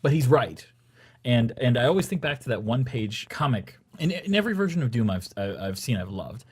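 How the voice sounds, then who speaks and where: A man's voice: medium pitch, animated, a little fast, breathy edge. A man hosting a casual podcast chat, enthusiastic, stumbling and restarting as he talks. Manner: enthusiastic, fills with restarts and stammers. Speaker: podcast host.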